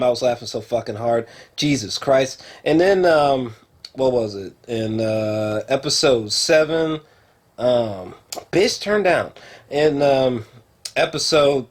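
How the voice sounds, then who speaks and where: Husky, profane man ranting to camera. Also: mid-range voice. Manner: rambling, profane, lots of fillers; excitable, talks straight to camera. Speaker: film and TV reviewer. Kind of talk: casual unscripted review.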